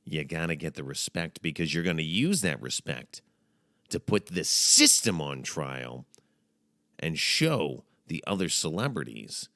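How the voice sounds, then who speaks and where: A man's voice: a bass voice, big pitch swings, measured pace, bright, forceful tone, no echo, clean studio sound. A man hosting a casual comedic monologue, talking in a jokey, mock-dramatic way with playful asides. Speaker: podcast host.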